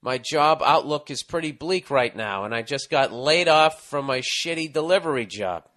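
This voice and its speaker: A man's voice: fairly high pitch, lively intonation, moderate pace, a bit bright. A middle-aged man hosting a podcast, ranting and telling stories with lots of swearing as he reads a listener's letter. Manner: profane ranting, storytelling. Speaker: podcast host reading listener advice letters. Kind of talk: casual podcast chat.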